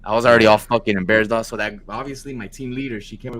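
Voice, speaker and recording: A man's voice: fairly low pitch, racing, fairly bright tone, slight background noise. A young man co-hosting a podcast, telling a story in casual chat, slangy and profane. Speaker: podcast co-host.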